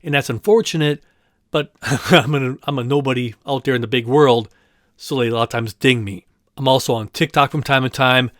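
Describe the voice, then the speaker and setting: Man, podcast host, casual rambling chat, self-deprecating, mid pitch, dry close sound. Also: moderate pace, fairly bright tone, no room sound. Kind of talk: casual solo podcast talk.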